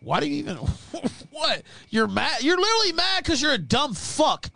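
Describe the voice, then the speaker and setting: A man hosting a livestream, delivering an angry, profane rant that swings between yelling and low muttering, mocking his critics. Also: sing-song, moderate pace, creaky, dry recording. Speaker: livestream host.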